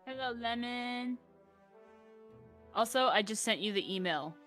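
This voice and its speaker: A woman's voice: on the high side, lively intonation, measured pace, fairly bright tone, faint music behind. Playful giggly woman streamer. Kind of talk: casual live-stream chat.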